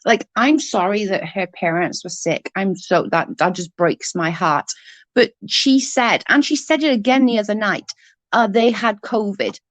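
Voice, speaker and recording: A woman's voice: medium pitch, unhurried, no room sound. A woman in her forties with a Newport Welsh accent, ranting casually in a blunt, sweary and sarcastic way. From Wales. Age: 40s. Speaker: vlogger.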